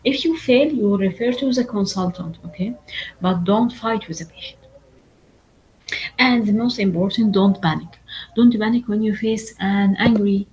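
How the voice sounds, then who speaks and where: A woman whose first language is Arabic, lecturing medical exam candidates in a halting, repetitive way, full of fillers and asking "okay?" often. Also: mid-range voice, a little mellow, rough recording. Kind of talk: online lecture.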